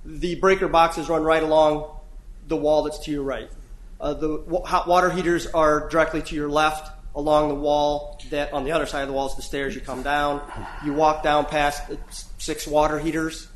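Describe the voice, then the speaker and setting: Brief: male lawyer, slightly high voice, earnest, restarts phrases, echoey courtroom. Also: level tone, normal speed, a little hiss or hum. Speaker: appellate lawyer. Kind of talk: courtroom oral argument.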